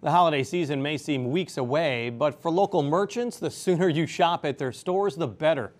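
A man's voice: on the high side, normal speed. A man hosting a local TV segment, introducing and interviewing a guest in an upbeat, conversational way. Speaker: local TV host.

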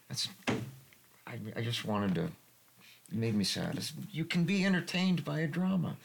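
A man from New England who acts in community theater, talking in a reflective, halting way with frequent restarts in a casual panel discussion. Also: big pitch swings, a little hiss or hum. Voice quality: gravelly, husky low voice.

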